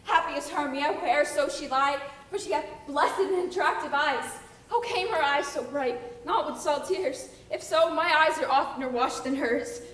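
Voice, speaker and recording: A woman's voice: high voice, normal speed, fairly bright tone. A young woman as a heartsick, spurned maiden. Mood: plaintive. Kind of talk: stage acting of verse. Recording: echoey room from far off, with noise.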